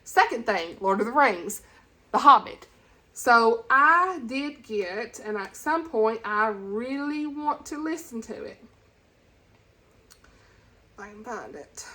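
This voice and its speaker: A woman's voice: fairly high pitch, animated, slow, long pauses, pushed and bright. Chatty woman vlogging about books. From Tennessee, USA. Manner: chatty and rambling, with gushing enthusiasm. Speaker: book vlogger. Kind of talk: casual chat.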